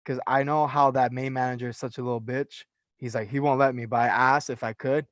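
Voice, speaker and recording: A young man on a casual podcast tells a rambling story, full of fillers and swearing. He sounds like a personal trainer catching up with a friend, with a dry, close recording. His pitch sits in the middle range. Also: a little fast, no room sound. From California. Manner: animated storyteller, profane, many fillers.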